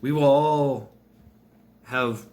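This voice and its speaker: A man's voice: medium pitch, extremely slow, a little mellow, pitched above the performer's own voice. A man voicing a warrior's dead parents, pleading with their son to stay. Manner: pleading, begging.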